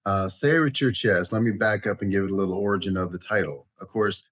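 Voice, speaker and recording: Middle-aged man as podcast guest, low voice, unhurried anecdotes, dry close recording. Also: fairly even intonation, a bit bright, dry recording. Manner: measured, storytelling, frequent "you know". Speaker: college president, guest. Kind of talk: podcast interview.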